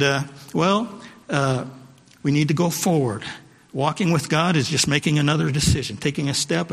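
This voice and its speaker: A male pastor preaches a sermon in a church sanctuary, repeating phrases for emphasis and calling out to the congregation. His mid-range voice is fairly bright, with vocal fry, and a long hall reverb trails his words.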